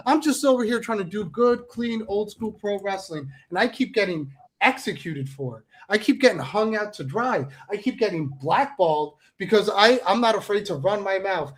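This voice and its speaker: A man, a pro wrestler appearing as a guest, delivering a heated, profane, promo-style rant and repeating himself for emphasis. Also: sits high. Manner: angry, profane, repetitive, with mocking voices.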